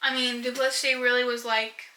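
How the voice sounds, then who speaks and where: A woman's voice: a little high, little pitch movement, fairly quick, bright, forceful tone, roomy sound, poor audio. A young woman chatting casually about books on a vlog, rambling and giggling as she goes. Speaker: book vlogger. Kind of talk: casual chat.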